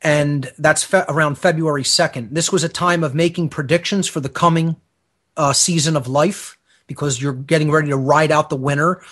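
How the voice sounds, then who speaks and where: A man's voice: on the high side, steady tone, moderate pace, fairly bright tone. A man speaking as a radio show guest, giving a long explanatory lecture and often checking in with "okay?". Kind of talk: explanatory lecture-style talk.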